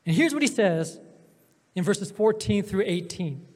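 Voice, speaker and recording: A man preaching a sermon as pastor, emphatic, with drawn-out pauses and swings between loud and soft. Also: high-pitched, expressive. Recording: long hall reverb.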